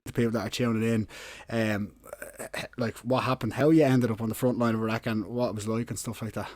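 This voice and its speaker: A man's voice: mid-range voice, steady tone, fast, darkish tone, dry recording. A man hosting a podcast in a loose, slangy way, swearing and laughing as he sets up questions. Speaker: podcast host. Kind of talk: casual interview.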